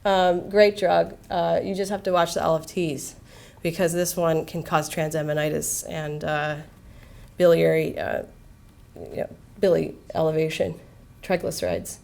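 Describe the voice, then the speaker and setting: A woman physician giving a medical lecture in a casual, candid, lively way, full of slang and asides. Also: deep voice, unhurried, vocal fry. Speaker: palliative care physician.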